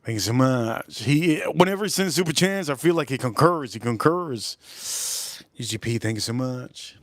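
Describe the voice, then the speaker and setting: Rambling excitable man on a livestream. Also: medium pitch, brisk, dry recording, clean studio sound. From South Florida. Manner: rambling, excitable, jumps between topics. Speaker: livestream host. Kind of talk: casual livestream chat.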